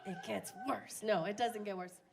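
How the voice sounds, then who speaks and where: A woman's voice: medium pitch, normal speed, a little hiss or hum. A young woman doing a crude, self-mocking stand-up comedy set on a bar stage, often laughing at her own jokes.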